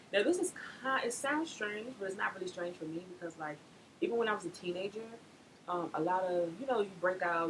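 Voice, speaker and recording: A woman's voice: a little hiss or hum, rough recording. A young woman chatting casually in a pregnancy vlog, laughing often. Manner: chatty, laughs often, animated pitch swings. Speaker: vlogger.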